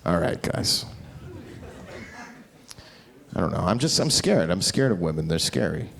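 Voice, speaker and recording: A man performing a stand-up comedy set on a club stage, brash and profane, swinging between loud outbursts and low mutters. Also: big pitch swings, brisk, creaky. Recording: noisy live club recording. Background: audience laughter.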